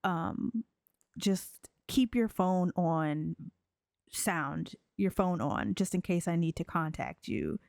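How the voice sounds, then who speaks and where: Brief: blunt, defensive young wife, read by a woman, slow and dazed. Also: fairly low pitch, lively intonation, a little mellow, no echo, studio quality, voice pushed down.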